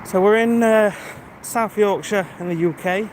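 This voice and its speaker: A man's voice: sits high, unhurried, a little hiss or hum. A British man live-streaming as he walks outdoors, chatting casually and greeting viewers by name, recorded on a handheld phone. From Britain. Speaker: livestreamer. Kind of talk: casual live-stream chat while walking. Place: outdoors on a rural walk.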